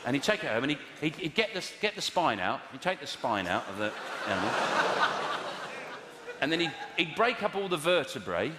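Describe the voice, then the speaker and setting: An English stand-up comedian with a fairly high, sing-song voice talks fairly quickly as he banters with the crowd at a live venue, rambling, correcting himself, and acting mock-outraged. The echoey hall and live audience create heavy background noise.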